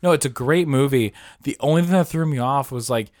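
A man hosting a casual podcast, telling a story in a rambling, animated way with lots of fillers and swearing. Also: medium pitch, a little fast. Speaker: podcast host. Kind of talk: casual chat.

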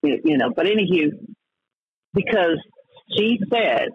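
A radio talk host, a man with a high, husky voice, rants heatedly and trips over his own restarts. The broadcast sounds dull and lo-fi. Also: lively intonation, a little slow, dry recording. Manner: heated and ranting, with many stammered restarts.

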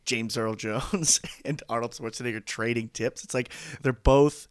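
Mid-pitched male podcast co-host, eager and laughing, dry close recording. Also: fairly even intonation, measured pace, clean tone, no room sound. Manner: enthusiastic, laughs often. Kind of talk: casual movie chat.

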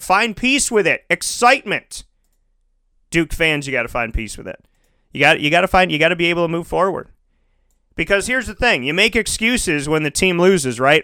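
A man's voice: a little high, clean tone, no room sound, studio quality. Hyped-up male sports radio host. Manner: excitable, rapid-fire, hyped-up. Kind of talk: energetic sports talk radio.

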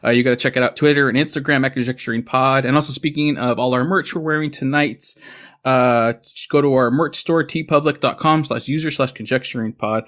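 A man's voice: mid-range voice, steady tone, fairly bright tone. A man in his thirties hosting a podcast, joking and laughing often in casual chat. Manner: fast, jokey, laughing often. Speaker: podcast host.

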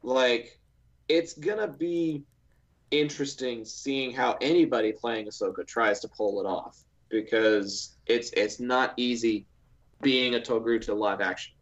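A man's voice: mid-range voice, measured pace. Male co-host, casual talker, keeps restarting his sentences, dull lo-fi mic sound. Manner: rambling, with many restarts and filler likes. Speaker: podcast co-host. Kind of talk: casual podcast chat.

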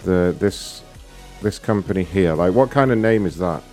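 A man with a low voice makes prank calls, brash and profane, and often breaks into laughter. Faint music plays behind him. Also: moderate pace, a little mellow. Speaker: prank caller. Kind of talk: prank call show banter.

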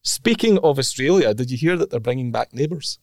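A man's voice: mid-range voice, animated, brisk, darkish tone, no room sound, clean studio sound. A man co-hosting a podcast, chatting casually with teasing, jokey banter. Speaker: podcast co-host. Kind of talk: casual chat.

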